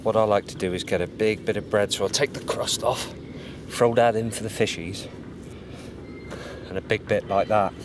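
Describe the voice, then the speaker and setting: A man, chatting casually while fishing outdoors by a lake and explaining his steps as he goes, sometimes whispering to stay quiet. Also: lowish voice, fairly even intonation, moderate pace, background noise. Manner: whispers to keep quiet by the water. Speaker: fishing vlogger.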